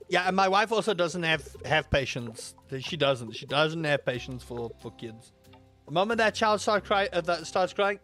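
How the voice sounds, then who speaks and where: High-voiced man chatting. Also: normal speed, faint music behind. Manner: rambling, animated storytelling with sudden loud outbursts. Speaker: gaming streamer. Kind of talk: casual stream chat while playing.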